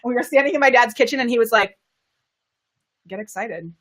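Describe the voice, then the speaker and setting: A woman coaching viewers on a live video stream, high-energy and excitable, laughing often, with her microphone set well away from her. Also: rapid-fire. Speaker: camera confidence coach. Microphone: microphone kept far from her.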